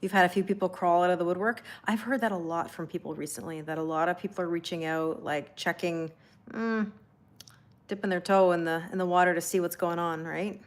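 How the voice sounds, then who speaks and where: On her tarot livestream, this woman reads out viewers' comments in a comforting way, laughing and chatting along with them. She speaks fairly quickly in a steady tone, her voice on the low side.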